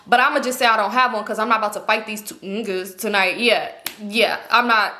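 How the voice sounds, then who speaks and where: A woman's voice: on the high side, fairly even intonation, fast talker, few pauses, pushed and bright. A young woman vlogger telling a story in casual slang, swearing freely and acting out what others said. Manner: slangy, profane, acts out quoted lines.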